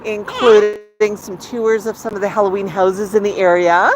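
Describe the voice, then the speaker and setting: A woman's voice: medium pitch, little pitch movement, normal speed, a little hiss or hum. A middle-aged woman hosting a live-streamed walk outdoors, talking in a coaxing, sing-song way to her pet bird. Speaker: bird owner and host. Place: outdoors in a residential neighborhood.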